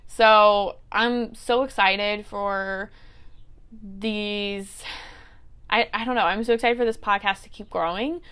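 Earnest woman in her twenties, smooth voice. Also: mid-range voice, fairly even intonation, slow, fairly bright tone. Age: 20s. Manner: earnest, advice-giving, with fillers like "like" and "okay". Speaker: podcast host and teacher. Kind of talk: casual solo podcast talk.

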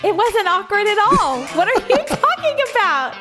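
A woman co-hosting a podcast in casual chat, giggly, animated and emphatic. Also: extremely high pitch, normal speed, music in the background. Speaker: podcast co-host.

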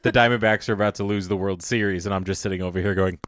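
A man's voice: sits low, fairly even intonation, very fast, a bit bright, slight background noise. Man cracking dry jokes on a podcast. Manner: dry joking asides. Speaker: podcast co-host. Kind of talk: casual chat, reacting.

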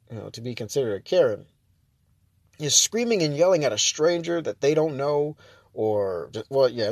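A man's voice: a little high, a little mellow, dry recording. A man ranting in a casual monologue, exasperated and rambling, with many fillers and restarts. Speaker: vlogger.

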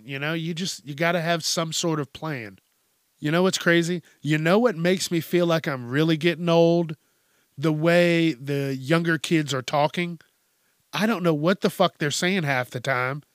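A man's voice: fairly high pitch, fairly bright tone, no echo, clean studio sound. A middle-aged man hosting a podcast, talking in a blunt, profane, rambling monologue. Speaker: podcast host. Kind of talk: casual monologue.

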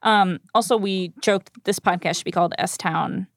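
A woman co-hosting a podcast in casual chat, wry and quick to laugh. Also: mid-range voice, no room sound, clean studio sound. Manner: chatty and wry, laughs often. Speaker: podcast co-host. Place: shared recording room.

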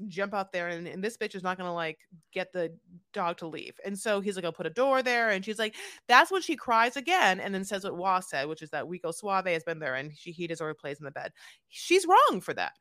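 A woman co-hosting a podcast in casual chat, talking in an animated way, swearing and laughing often. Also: mid-range voice, a little fast, no room sound, studio quality. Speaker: podcast co-host.

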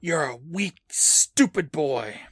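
A man's voice: fairly high pitch, expressive, slow pace, a bit bright, pitched above the performer's own voice, exaggerated voice. A man voicing a creepy old-man haunted mask that mocks and bosses a boy. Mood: sneering.

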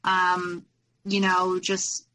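A young woman, a guest, telling her own story in an earnest, rushed way, full of "you know" and "like". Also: fairly low pitch, completely flat delivery, bright, forceful tone, soft background music, rough recording. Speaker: abuse survivor guest. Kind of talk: candid personal storytelling.

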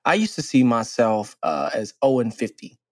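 A man's voice: mid-range voice, very animated, moderate pace, no room sound, clean studio sound. A man co-hosting a casual podcast, easygoing and playful as he banters and cheers his co-host on.

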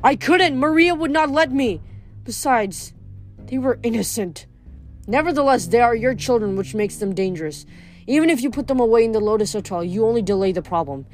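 A woman's voice: fairly high pitch, lively intonation, brisk, natural voice. A woman voicing a grieving, wrathful male god of the dead in a storybook reading, growling and bitter, with faint music behind.

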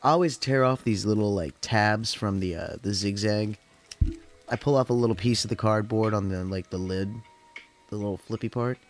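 At a normal speed and in a lowish voice, a man from the California desert hosts his podcast. Tired after work, he chats and tells stories in a rambling, profane style, using "like" heavily.

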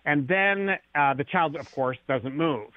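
A man's voice: on the high side, a little slow, dry recording. A male author on a radio interview, explaining ideas through stories and acted-out lines. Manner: storytelling, acts out quoted lines. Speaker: author and guest. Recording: tinny phone line.

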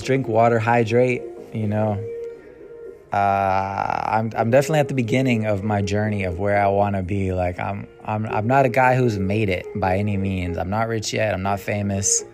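A young man hosting his own solo podcast, musing casually and trailing off with frequent ums and sighs. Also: on the low side. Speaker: podcast host. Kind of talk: rambling solo podcast monologue. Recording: music playing behind the voice.

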